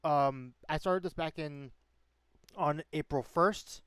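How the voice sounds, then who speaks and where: Clear-voiced rambling male stream host. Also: a little high, takes it slowly, a bit bright, no echo. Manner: rambling, full of fillers and restarts. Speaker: stream host and game master. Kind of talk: casual stream chat.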